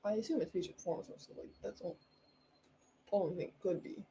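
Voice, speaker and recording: A woman's voice: fairly low pitch, fast talker, mellow, slight background noise, low-quality recording. Bubbly rambling woman podcast host. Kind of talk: casual solo podcast chat.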